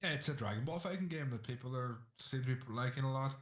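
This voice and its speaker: A man's voice: medium pitch, fast, roomy sound. A man co-hosting a gaming podcast, explaining points in a dry, matter-of-fact way. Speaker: podcast co-host. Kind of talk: casual chat.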